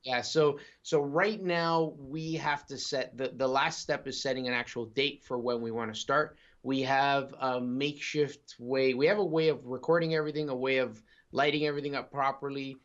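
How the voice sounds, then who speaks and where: A man co-hosting a gaming podcast in casual chat, easygoing and quick to chuckle, with rambling asides. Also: mid-range voice, steady tone, fairly bright tone. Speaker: podcast co-host. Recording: dull lo-fi audio.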